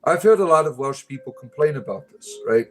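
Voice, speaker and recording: A man's voice: fairly high pitch, expressive, fairly quick, faint music behind. Rambling man hosting a livestream. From United States. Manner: rambling, joking, full of fillers and restarts. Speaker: livestream host. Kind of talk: casual livestream chat with viewers.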